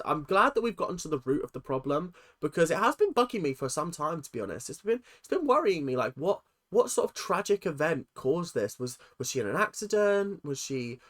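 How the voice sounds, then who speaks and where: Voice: mid-range voice, fairly bright tone. A reaction video host giving chatty, rambling commentary, laughing often and swearing casually.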